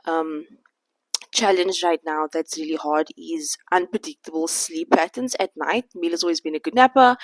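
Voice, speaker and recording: A woman's voice: lowish voice, no room sound, low-quality recording. A woman in her thirties talking candidly to camera in a sit-down vlog, reflective and a little out of breath. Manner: candid, reflective, faith-centered. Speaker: vlogger.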